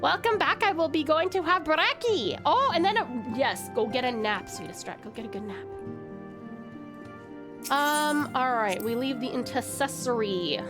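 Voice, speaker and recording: In a high voice with lively intonation and a moderate pace, a bubbly Australian woman chats on her casual live stream. She greets viewers using sweet nicknames, with faint game music in the background.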